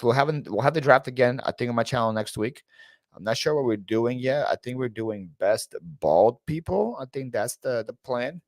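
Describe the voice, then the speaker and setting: A man talks casually on his own live stream, greeting viewers by name and drifting into long, rambling stories full of "like" and restarts. His voice sits on the low side, and the sound is close and dry with little room around it. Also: no room sound. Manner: rambling storyteller, reads chat names aloud, frequent fillers and restarts. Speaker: reseller YouTuber hosting a live Q&A.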